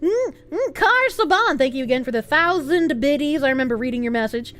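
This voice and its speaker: A woman livestreamer with a high, fairly bright voice and lively intonation chats briskly over soft background music. She reads out donations and thanks viewers, crude and joking and swearing freely in casual stream chat.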